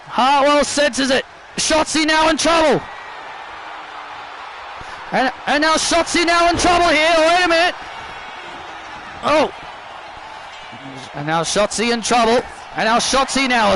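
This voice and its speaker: A man calling a wrestling video game match in an unusually high, bright voice. He talks slowly, stumbling over and repeating phrases, and breaks into shouts at big moments. A faint hiss of noise sits behind him. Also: poor audio. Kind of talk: excited play-by-play commentary.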